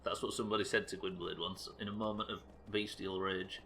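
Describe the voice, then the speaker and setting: A man streams a game live, trading quick jokes and curses with his chat. His voice is rather low yet bright and forceful, with faint background noise behind him. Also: level tone. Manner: swearing, joking asides to chat. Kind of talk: live gameplay commentary.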